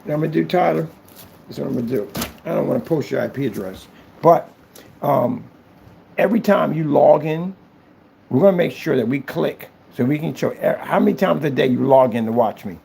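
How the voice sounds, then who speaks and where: A man's voice: on the high side, expressive, a little fast, creaky, dark tone, slight background noise. A man who runs a small business, talking casually and rambling as he works on a livestream, thinking aloud and mocking his critics. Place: indoor business premises.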